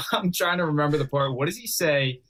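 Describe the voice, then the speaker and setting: A man chatting as a podcast guest, relaxed and curious. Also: on the high side, a little fast, a crowd in the background, low-quality recording. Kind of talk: casual chat.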